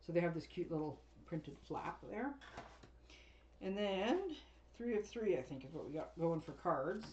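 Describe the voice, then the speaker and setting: A woman's voice: on the low side, animated, normal speed, a little mellow, dull audio, a little hiss or hum. A woman craft demonstrator chatting casually as she unboxes and sorts a paper craft kit, rambling and often laughing.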